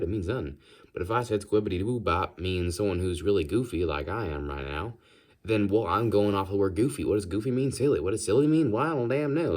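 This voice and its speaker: A goofy, rambling talker with a put-on Southern drawl, done by a man. His voice sits deep and low as he muses aloud and wanders from thought to thought. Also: darkish tone, close to an everyday voice. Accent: put-on American Southern.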